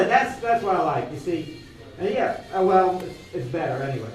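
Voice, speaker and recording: A man doing a rambling comic bit as a doctor, halting and full of stops and restarts. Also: on the high side, expressive. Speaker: guest playing a doctor. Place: small studio. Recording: echoey room from far off, music behind.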